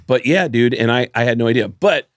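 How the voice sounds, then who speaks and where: A man co-hosting a podcast, telling a long story in casual chat, often laughing and jumping his voice up high for quoted lines. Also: fairly quick, no echo, studio quality. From United States. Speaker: podcast co-host.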